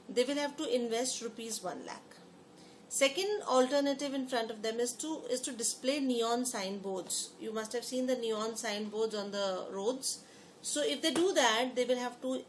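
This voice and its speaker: A woman's voice: a little high, slight background noise. A woman teaching a lesson. She often repeats phrases and puts questions to her students. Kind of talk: lecture explaining to students.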